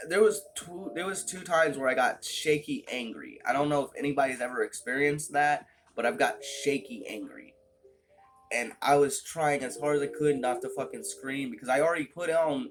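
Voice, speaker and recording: Swearing, frustrated young man ranting. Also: medium pitch. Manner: frustrated, swears constantly, rambling with restarts. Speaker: vlogger. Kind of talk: casual vlog rant. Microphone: phone or webcam at close range.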